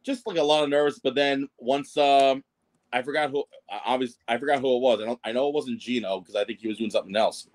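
A man's voice: mid-range voice, steady tone, quick pace. Rambling man telling a story. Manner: rambling, self-deprecating, many fillers and restarts. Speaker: podcast guest, wrestling ring announcer. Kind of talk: casual storytelling interview.

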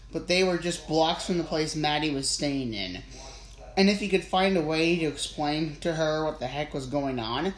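Audiobook narrator, steady storybook delivery, middle pitch; roomy echo. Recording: roomy with faint ambience.

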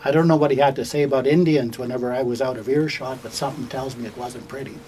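An older Canadian storyteller speaking at a middle pitch in a relaxed, chatty way, pausing and restarting as he goes. He sounds like he is talking to a small group indoors, with a faint hiss under his voice. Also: low-quality recording. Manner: conversational, folksy, with fillers and restarts. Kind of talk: oral storytelling to a small audience. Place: indoors in a bookstore.

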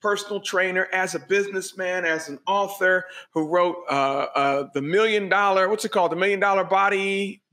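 A man's voice: sits high, normal speed, hardly any pauses, sharp tone. A man hosting a podcast interview, encouraging his guest and repeating phrases for emphasis. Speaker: podcast host.

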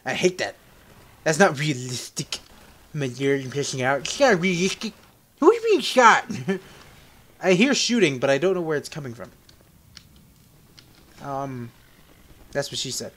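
A man's voice: sing-song, measured pace, long pauses, fairly bright tone. A young man giving casual, profane gameplay commentary, joking and laughing as he plays. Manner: jokey and profane, laughing often, yelping in high squeaks when startled. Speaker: let's play gamer.

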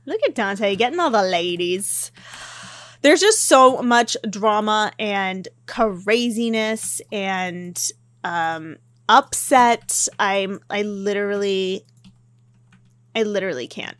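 A woman giving casual, chatty commentary over a life-simulation game, excitable and quick to gasp. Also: mid-range voice, dry recording. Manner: chatty and excitable, with gasps and laughs. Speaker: gameplay commentator. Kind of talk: casual let's-play commentary.

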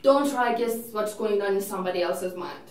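A woman's voice: medium pitch, a little fast, lightly acted. A woman playing a chatty, neurotic divorced older sister who rambles and frets in an audition monologue. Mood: fretful. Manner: rambling, self-absorbed and fretful. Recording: echoey room, mic from a distance.

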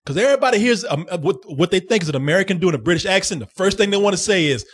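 A man's voice: high-pitched, rapid-fire, husky. A man co-hosting a movie review show, chatting casually with plenty of joking and profanity. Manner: animated, laughing, profane, joking. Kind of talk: casual chat.

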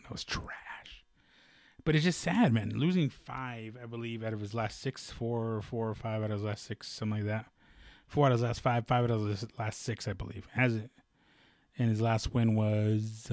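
A man's voice: fairly low pitch, dry recording, studio quality. A man hosting a solo sports podcast, chatting casually and rambling with lots of fillers and self-corrections. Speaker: podcast host.

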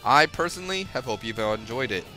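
A young man talks through his fighting-game run, swearing nonstop and yelping at each hit. His pitch jumps all over the place as he gets worked up. Game music plays clearly underneath his voice. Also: fairly quick. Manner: excitable, swears constantly, sudden yelps. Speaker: gaming video host. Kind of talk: profane live gameplay commentary.

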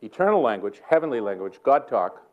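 An older man with a Boston accent, preaching a sermon in a church in a joking, conversational way with quick asides. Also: mid-range voice, big pitch swings, dull audio. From Boston area. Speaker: guest preacher. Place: church sanctuary.

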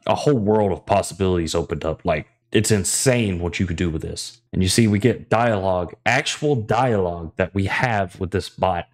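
Brief: young man, low voice, casual enthusiastic coding screencast host. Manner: enthusiastic, chatty, thinks aloud while typing.

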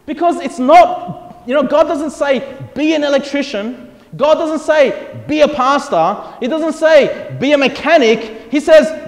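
Man, pastor, lively sermon, high-pitched, echoey hall. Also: moderate pace. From Australia. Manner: animated preaching, acts out God's voice and people's prayers. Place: church hall.

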